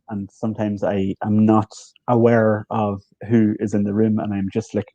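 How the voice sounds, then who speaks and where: Man, Northern Irish accent, guest on a video call, relaxed, self-mocking, dry room. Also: lowish voice, moderate pace, dry recording, dull audio. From Northwest of Ireland, Derry. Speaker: English teacher, guest. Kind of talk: casual conversation on a video call.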